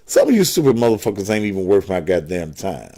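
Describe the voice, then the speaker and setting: A man's voice: low-pitched, very animated, fast, mellow. Combative, profane preacher man. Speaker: pastor and call-in show host. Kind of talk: call-in show talk.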